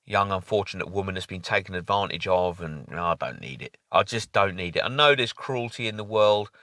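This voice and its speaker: Guy rambling on about tv, lowish bright voice, dead dry room. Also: animated, a little fast, no room sound. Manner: rambling, frequent fillers and restarts. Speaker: vlogger. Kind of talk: casual opinion monologue.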